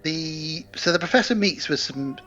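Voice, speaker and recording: A man co-hosting a casual film podcast, recounting the plot in a steady, explanatory way. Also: on the high side, normal speed, dull audio, soft background music. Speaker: podcast co-host.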